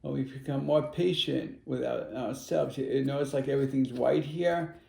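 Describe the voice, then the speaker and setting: A man's voice: mid-range voice, moderate pace, vocal fry, mellow, roomy sound. A middle-aged man giving a tarot card reading as a spiritual advisor, speaking earnestly and wandering between thoughts. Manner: earnest and meandering, with acted-out inner voices.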